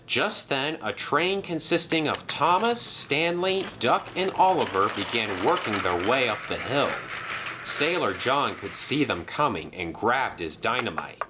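A young man narrating a toy train story in a dramatic, animated way. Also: mid-range voice, measured pace, noisy background.

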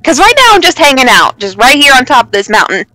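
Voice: sits high, very animated, quick pace, sharp tone, no echo, low-quality recording. A player in a tabletop roleplaying game, playful and laughing often, making bold jokes. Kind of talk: casual tabletop play.

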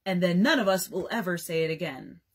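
A woman's voice: on the low side, a little fast, slightly rough. A woman voicing a stern, proud father of twelve in a storybook, firm and commanding.

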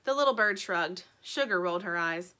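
A woman reading a children's chapter book aloud in a friendly, expressive way. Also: fairly low pitch, normal speed.

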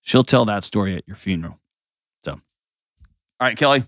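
A man's voice: lowish voice, animated, moderate pace, fairly bright tone, no room sound, clean studio sound. A man in his forties hosting an advice show, talking emphatically and bluntly, with mocking put-on voices and heartfelt stories. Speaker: host giving advice. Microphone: studio mic.

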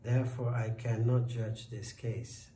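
A man's voice: mid-range voice, steady tone, unhurried, warm tone, close to an everyday voice. A man voicing an old, gnarled sycamore tree that speaks wisely and solemnly in a storybook tale. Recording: roomy, distant, faint noise.

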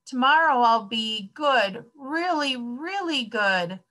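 A woman voicing an excitable, apologetic young boy shark in a read-aloud picture book. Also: medium pitch, slow pace. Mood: earnest. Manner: apologetic, eager.

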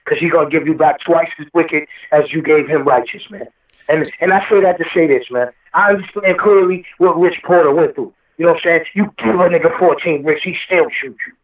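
A rapper guest talks a little fast in a fairly high voice during a passionate, preachy interview. Scripture quotations and emphatic repetition fill his answers, and the audio is an echoey, distant phone line.

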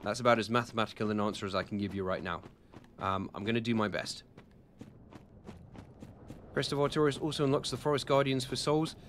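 A man's voice: medium pitch, brisk, long pauses, a bit bright, a little hiss or hum. A young British man streaming a game, rambling casually with lots of ums and self-deprecating jokes while he answers chat. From United Kingdom. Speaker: gaming streamer. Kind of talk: casual live-stream commentary while playing.

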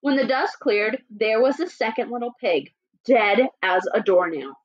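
A woman teacher voicing a sly, chatty male wolf as she reads a storybook aloud in a lively, playfully indignant way. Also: a little high, measured pace. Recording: dull lo-fi recording.

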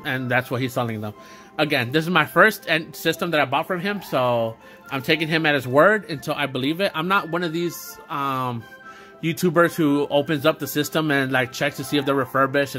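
A young man chatting unscripted to his camera, his bright, forward voice sitting a little high for a man. He rambles along, stumbling over restarts and fillers, and faint music plays underneath. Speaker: YouTuber doing an unboxing video. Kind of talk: unscripted casual vlog talk.

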